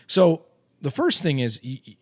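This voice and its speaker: A man's voice: on the high side, huge pitch swings, moderate pace, no room sound. Chatty man telling stories over a beer. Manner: chatty storyteller, self-deprecating, frequent fillers. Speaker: podcast host and financial advisor. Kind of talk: casual chat over a beer.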